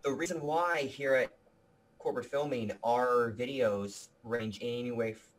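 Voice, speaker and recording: A man's voice: mid-range voice, fairly even intonation, measured pace. A man being interviewed about his video production company, talking with energy and earnestness, often restarting his sentences. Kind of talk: casual interview talk.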